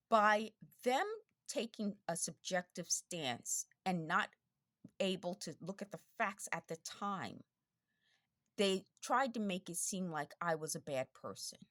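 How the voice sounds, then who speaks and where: A woman's voice: on the low side, fairly bright tone, dry recording. A woman from the United States talking straight to camera in a casual monologue, insistent and repeating her points, her voice strained from talking over noise. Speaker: video blogger.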